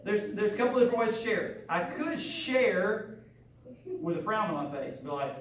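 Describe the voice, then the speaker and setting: A man's voice: high-pitched, lively intonation, moderate pace. A man, a martial arts instructor, giving a playful call-and-response lesson to young children, coaxing them to repeat words. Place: large school room with children. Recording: echoey room recorded from far off with children behind.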